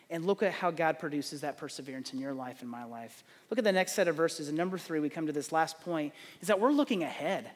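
A man's voice: on the high side, in a large hall. A middle-aged man, preaching a sermon, telling stories and acting out the dialogue. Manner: animated storytelling, acts out dialogue. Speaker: pastor.

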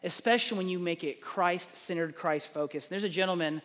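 A man's voice: sits high, a little fast, in a large hall. A middle-aged man, preaching a sermon, telling stories and acting out the dialogue. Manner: animated storytelling, acts out dialogue. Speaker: pastor.

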